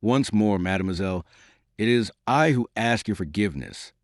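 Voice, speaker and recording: A man's voice: on the low side, lively intonation, normal speed, dry recording, clean studio sound. A man doing a heartbroken, bitter young nobleman. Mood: grave. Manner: earnest, grave.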